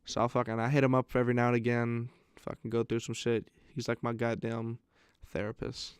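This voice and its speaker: A young podcast host speaks briskly in a clear, resonant mid-range voice with a level tone, recorded in a clean studio without room sound. In casual chat he tells stories, swears a lot, and performs other people's lines.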